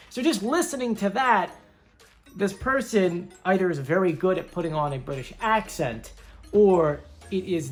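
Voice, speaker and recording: A woman hosting a casual commentary video, chatting and thinking aloud as she weighs up her guesses. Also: lowish voice. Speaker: video host.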